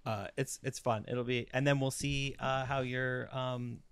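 A man's voice: medium pitch, level tone, measured pace, a bit bright, smooth, dry recording. A man comedian co-hosting a podcast, chatting and joking casually with lots of laughter.

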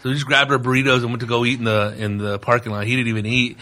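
Bright-voiced, slangy male co-host. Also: mid-range voice, level tone, rapid-fire. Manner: slangy, says dude. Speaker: podcast co-host. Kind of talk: casual chat.

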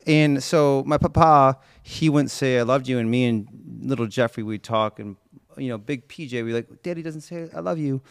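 A man's voice: mid-range voice, steady tone, moderate pace, smooth, no echo. Playful man with a dry close voice. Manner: playful storyteller. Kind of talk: casual chat.

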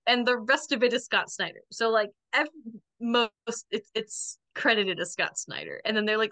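A young woman co-hosting a podcast in casual chat, talkative and quick to laugh. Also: a little high, pushed and bright. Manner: chatty, laughs often, quotes friends in quick asides. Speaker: podcast co-host.

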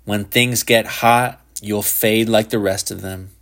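A sly, jeering delinquent boy, as a male narrator puts him on. He drawls his taunts in a low, crafty voice with a mocking edge. The tone stays calm and needling. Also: takes it slowly.

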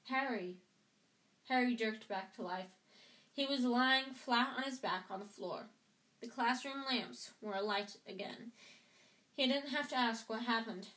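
A woman's voice: on the high side, unhurried, fairly bright tone. A woman reading a novel aloud casually at home, sometimes stumbling and rereading lines. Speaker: audiobook reader. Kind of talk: amateur book reading. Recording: roomy echo.

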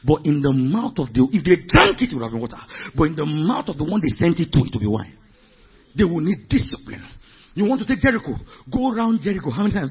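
A pastor's very husky, raspy voice sits a little high, swinging widely in pitch at a quick pace as he goes from low murmurs to shouted climaxes. His preaching is emphatic and repetitive, full of rhetorical questions put to the congregation. The sermon recording sounds dull and lo-fi.

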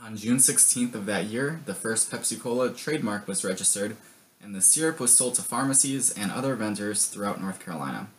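A man's voice: fairly low pitch, expressive, fairly quick, a little hiss or hum. A young man co-hosting a podcast, reading history facts in casual chat with joking, rambling asides. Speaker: podcast co-host.

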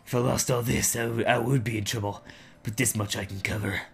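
A man's voice: mid-range voice, steady tone, brisk, gravelly, soft background music, lightly acted. A man voicing a grateful, flustered middle-aged man who insists on paying a reward. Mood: insistent.

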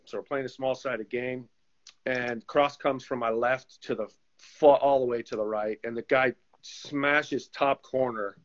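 Guy, ex goalkeeper now coach, tells stories lively and does the voices, kinda dull lo-fi audio. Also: medium pitch, unhurried. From United States. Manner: animated storyteller who acts out quoted voices. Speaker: guest, former pro goalkeeper and coach. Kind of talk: casual storytelling interview. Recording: slightly dull lo-fi sound.

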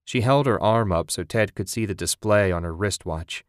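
A man reading a story aloud in a measured, even way. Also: fairly low pitch, no echo, studio quality. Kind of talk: scripted narration.

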